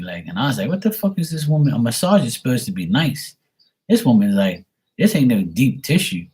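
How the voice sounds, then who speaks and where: Husky, profane man ranting casually. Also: on the low side. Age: 40s. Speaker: live tarot reader. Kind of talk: casual live-stream chat.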